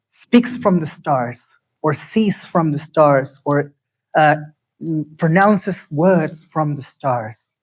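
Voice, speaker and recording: A man giving an interactive lecture, asking the audience questions and repeating key phrases slowly. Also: a little high, low-quality recording.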